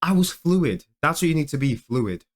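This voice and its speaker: A man's voice: on the high side, big pitch swings, moderate pace, a little hiss or hum. A young man doing comedic reaction commentary, mocking and laughing often, with stammers and restarts. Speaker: video commentator.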